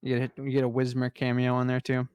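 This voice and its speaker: A man's voice: medium pitch, monotone, fast talker, a little mellow, clear, resonant tone, no echo. A young man co-hosting a casual podcast, enthusiastically running through a list of trading cards. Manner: enthusiastic, rattles off card lists. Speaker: podcast co-host presenting trading card news.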